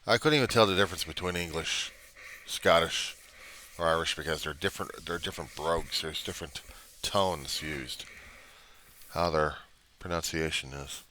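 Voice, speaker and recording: Very deep-voiced rambling man. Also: moderate pace, pushed and bright, a little hiss or hum. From United States. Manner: meandering, trailing off, mild cursing. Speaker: video diarist. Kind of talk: rambling personal video diary.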